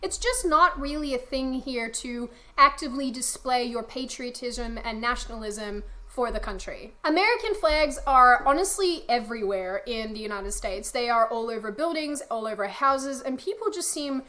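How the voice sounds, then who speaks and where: Bright high-voiced Australian woman narrating. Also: animated, normal speed, few pauses. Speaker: video essayist. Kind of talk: scripted narration.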